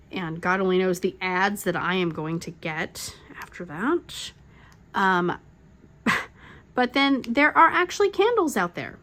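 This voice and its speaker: A woman's voice: mid-range voice, a bit bright, a little hiss or hum. Chatty middle-aged woman rambling with fillers. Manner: laughs often while telling stories. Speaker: crafting channel host. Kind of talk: casual chat.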